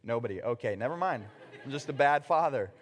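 A man in his thirties, a father, preaching a conversational sermon. He acts out little scenes and bursts out loud in places. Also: medium pitch, lively intonation, fairly quick, big-room sound. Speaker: pastor.

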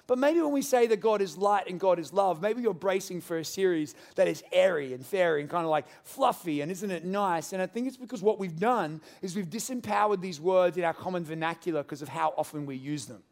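Lively high-voiced preacher. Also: male voice, a little fast, hardly any pauses. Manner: animated, joking with the congregation. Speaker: pastor. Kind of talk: sermon. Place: church hall with congregation.

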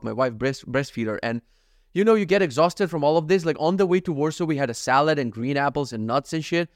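A man's voice: fairly high pitch, fairly quick, clear, resonant tone, no room sound, clean studio sound. Profane ranting man. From North Macedonia. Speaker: vlogger. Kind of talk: casual vlog monologue.

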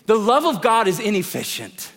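Middle-aged male pastor, passionate sermon, high tenor, long reverb of a church hall. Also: huge pitch swings, moderate pace. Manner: impassioned preaching, swings between loud calls and hushed lines.

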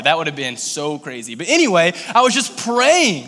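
With huge pitch swings in a voice on the high side, this pastor from Kentucky preaches at a moderate pace with few pauses, sounding a bit bright under a long reverb tail. He keeps to casual, filler-heavy storytelling that turns intense and pleading in prayer.

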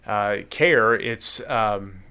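A man in his forties from Baltimore, a radio and wrestling personality telling stories in an animated, casual way. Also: fairly low pitch, drawn-out words, clean tone. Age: 40s. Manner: animated storyteller. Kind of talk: casual conversation.

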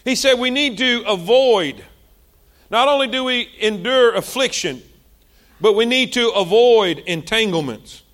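A male pastor, preaching a sermon with passion, repeating himself and swinging between loud and soft. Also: very high voice, expressive, a little slow.

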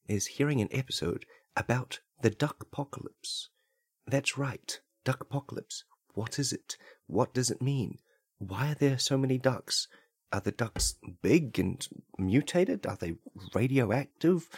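A man's voice: lowish voice, husky, no room sound. A man hosting a podcast, delivering a rambling comedic monologue in a mock-conspiratorial tone on a close microphone. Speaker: podcast host.

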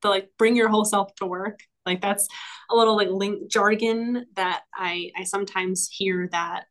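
A woman's voice: mid-range voice, fairly even intonation, normal speed. Enthusiastic woman podcast guest. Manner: enthusiastic, reflective, frequent fillers and laughs. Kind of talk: casual conversational interview.

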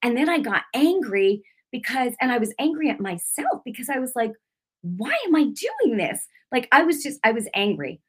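A middle-aged Christian woman delivers a personal faith testimony in a sermon-like style, her voice pitched on the high side with a breathy edge. She tells it emotionally and with animation, a little fast and with hardly any pauses, full of fillers and restarts. At times she acts out her prayers, rising into an intense, raised voice.

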